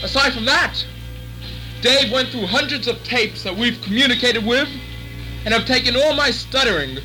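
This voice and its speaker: A high-pitched man lodging a mock-outraged complaint with over-the-top theatrical indignation. Clear music runs behind him on the tape. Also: lively intonation, normal speed, sharp tone, poor audio. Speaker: contributing fan. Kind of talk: comic mock protest.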